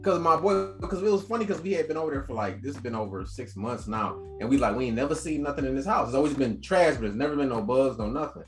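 A man spins loose, profanity-laced stories to his friends, full of slang and quoted back-and-forth. He sounds mid-pitched. There is an echoey room and a faint music bed behind him. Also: fast, few pauses. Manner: animated, slangy, profane storyteller. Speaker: podcast co-host telling stories. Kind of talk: casual storytelling chat.

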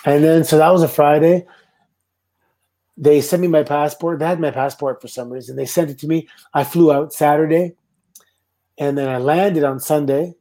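Middle-aged Canadian man, warm mellow guest voice, easygoing laughing storyteller. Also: fairly high pitch, normal speed. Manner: relaxed, laughing anecdotes. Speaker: guest, former pro wrestler. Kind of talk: casual storytelling.

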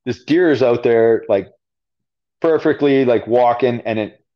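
A man's voice: mid-range voice, unhurried. A man with a Canadian accent, a podcast guest telling a story casually, full of fillers. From Alberta, Canada. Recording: dull lo-fi audio.

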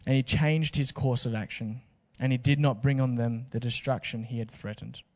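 A man's voice: medium pitch, steady tone, moderate pace, a little mellow, in a large hall. A man preaching a sermon in a casual, joking way with slang asides. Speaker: pastor.

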